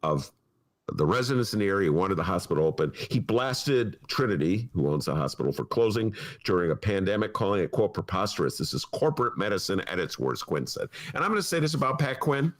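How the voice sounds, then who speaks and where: A male talk show host in casual political chat, rambling and animated, laughing often. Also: lowish voice, a little fast.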